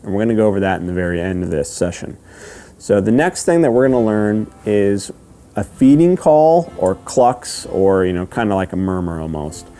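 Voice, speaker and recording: A man giving a step-by-step lesson, patient and repetitive, often checking in with "okay?" and slowly counting out rhythms. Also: on the low side, warm tone. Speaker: duck calling instructor. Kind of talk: step-by-step instruction.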